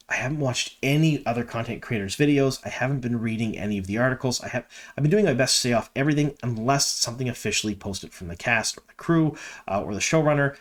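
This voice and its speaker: A man from Canada hosting a fan video, talking casually and enthusiastically with frequent ums and asides. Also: medium pitch. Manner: chatty and enthusiastic, many ums.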